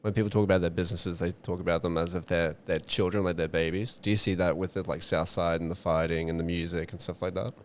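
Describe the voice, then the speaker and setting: A male podcast host with a very deep voice asks his questions quickly. He hedges as he goes, in a loose, casual way. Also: steady tone. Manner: tentative, hedging questions. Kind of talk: casual conversational interview.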